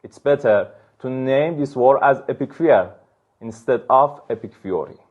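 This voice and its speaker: A man from Iran speaking English, delivering a measured, pointed formal statement as a government official. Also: medium pitch. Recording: tinny phone-like clip.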